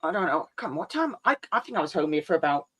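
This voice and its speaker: A woman's voice: deep voice, sing-song, quick pace, fairly bright tone, husky. A woman hosting a casual stream chat, chatty and jokey with rambling asides.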